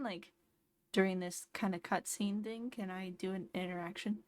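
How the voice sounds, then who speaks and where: Woman, streamer, sleepy, chatty, thinks aloud, mid pitch, dry close sound. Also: fairly even intonation, normal speed, no room sound. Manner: chatty, thinks aloud while playing, explains game tips. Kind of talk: casual gameplay commentary.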